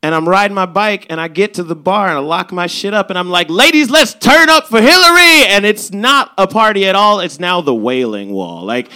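A young man from Chicago's South Side telling a stand-up story, animated and swearing, acting out quoted lines. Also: sits high, brisk, hardly any pauses, clear, resonant tone. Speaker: stand-up comedian.

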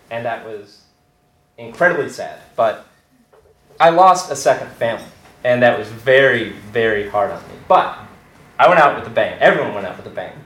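A teenage man telling a personal story about working at a haunted house, animated and breaking into laughter as he goes. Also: mid-range voice, echoey room, slight background noise, poor audio. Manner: animated, laughs through his own story. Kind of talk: personal anecdote told to an audience.

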